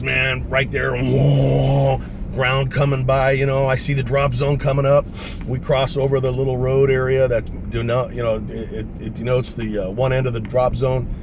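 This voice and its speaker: A man with a mid-range voice tells a rambling, profane story about his paratrooper days, dropping "man" and "you know" often. He talks casually from inside a car. Steady vehicle noise runs clearly under the recording. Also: medium pitch. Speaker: vlogger, former paratrooper.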